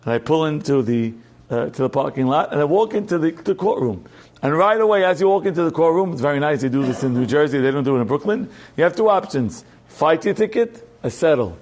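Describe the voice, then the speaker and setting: A middle-aged man giving a Torah class as a rabbi, telling a story with loud emphatic peaks and quiet asides. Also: a little high, animated, fast talker.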